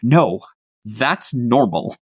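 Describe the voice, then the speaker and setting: A man co-hosting a gaming podcast, chatty and amused, leading the talk with loose, easygoing phrasing. His voice is mid-pitched and sounds close and dry, with no room echo. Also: sing-song, extremely slow, a little mellow, husky. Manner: chatty, amused, many "like" fillers. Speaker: podcast co-host. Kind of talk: casual chat.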